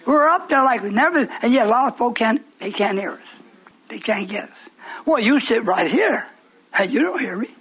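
A man's voice: extremely high pitch, lively intonation, normal speed, fairly bright tone, breathy edge. A man preaching a sermon to a live congregation, teasing and questioning them in call-and-response. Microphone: broadcast on shortwave radio.

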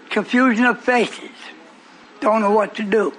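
A man's voice: high-pitched, steady tone, unhurried, a bit bright, a faint crowd. A man preaching a sermon, confronting and questioning his congregation.

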